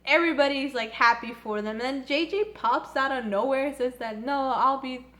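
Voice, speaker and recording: A woman's voice: high-pitched, brisk, sharp tone. A young woman recapping an anime episode casually into a phone, chatty and giggly, swearing and saying "like" often. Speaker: anime reviewer.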